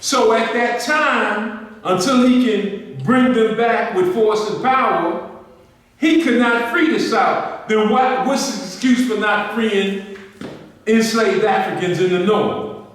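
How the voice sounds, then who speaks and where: A man's voice: high voice, takes it slowly. A man lecturing a group, asking questions and repeating his points with emphasis. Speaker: history speaker. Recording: echoey room, distant mic.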